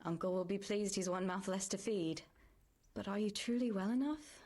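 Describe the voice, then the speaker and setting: An actress voicing a young village woman in a video game, caring and practical, with a gentle, often hushed way of speaking. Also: medium pitch, moderate pace, natural voice. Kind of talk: game voice acting.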